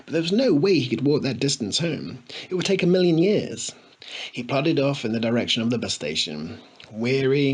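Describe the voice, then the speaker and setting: A man narrating a comic story in a playful, expressive way. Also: mid-range voice, slightly rough. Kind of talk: storybook reading.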